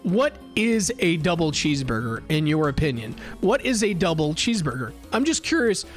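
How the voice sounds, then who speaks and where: A young man streaming live, telling an animated, profane story and reading chat. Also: a little high, normal speed, soft background music. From United States. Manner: animated and profane, acts out heated exchanges.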